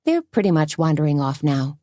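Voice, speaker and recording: A woman's voice: big pitch swings, fairly quick, mellow, no echo, clean studio sound. Woman doing a sassy, breezy waitress friend. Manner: breezy, joking, higher voice.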